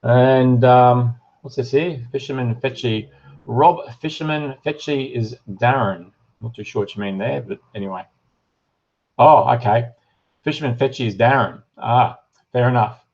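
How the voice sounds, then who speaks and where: A man's voice: medium pitch, unhurried, darkish tone, muffled recording. A middle-aged Australian man hosting a casual live stream, reading viewer comments aloud and chatting with lots of ums and uhs. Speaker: livestream host and shop owner.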